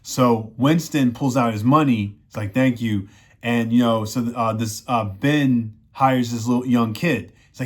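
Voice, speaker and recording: A man's voice: mid-range voice, measured pace. A man casually recapping a TV season in a rambling way, full of "you know" fillers. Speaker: show reviewer.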